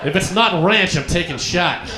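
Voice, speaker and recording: Deadpan young stand-up comic from Colorado. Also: male voice, sits high, normal speed, noisy background. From Colorado, USA. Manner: deadpan storytelling, acts out the people in his stories. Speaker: stand-up comedian. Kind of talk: stand-up routine. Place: comedy club stage with a live audience. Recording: echoey club room with a laughing crowd.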